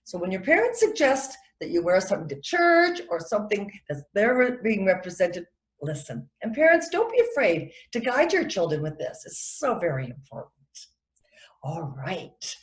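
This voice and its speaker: Lively woman teaching etiquette, echoey room. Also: mid-range voice, moderate pace. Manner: animated, acts out quoted voices. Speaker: etiquette instructor. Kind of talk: friendly teaching talk to children and parents.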